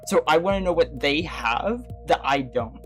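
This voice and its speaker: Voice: medium pitch, animated, moderate pace, soft background music. A livestream host chatting casually with viewers, rambling with many fillers and restarts and laughing often. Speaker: livestream host talking to chat. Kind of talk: casual chat.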